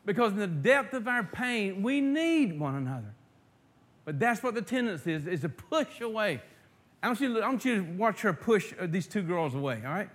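A man preaching a sermon to his congregation. He swells loud and emphatic when reading scripture and drops to soft asides, often restarting and repeating words. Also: sits high, big pitch swings, normal speed. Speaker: pastor.

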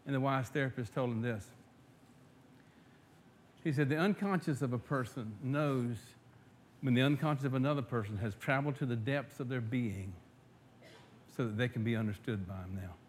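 A man preaching a sermon to his congregation. He swells loud and emphatic when reading scripture and drops to soft asides, often restarting and repeating words. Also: mid-range voice, normal speed, pauses often, a little hiss or hum. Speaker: pastor.

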